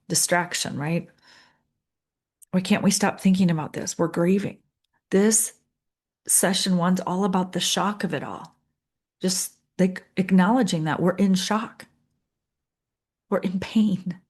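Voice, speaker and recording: A middle-aged woman coach talks in a gentle, empathetic podcast monologue. Her voice sits a little low, and she builds her points through repeated phrases and lists. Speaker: leadership coach.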